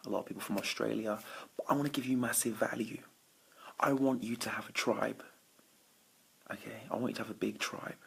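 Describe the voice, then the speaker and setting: Motivational speaker, male, gravelly husky low voice, energetic live-stream host greeting viewers. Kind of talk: late-night Facebook Live talk to viewers. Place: indoors at night. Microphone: phone or webcam for a live stream.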